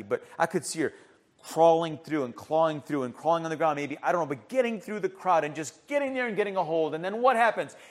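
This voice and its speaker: A man preaching a sermon with passion, asking rhetorical questions and swinging between loud emphasis and hushed asides. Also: high-pitched.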